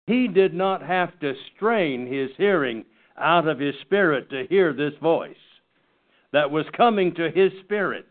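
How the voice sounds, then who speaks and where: A man teaching a Bible study class in an earnest, halting way, often restarting his sentences. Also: fairly high pitch, expressive. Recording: tinny phone-like recording.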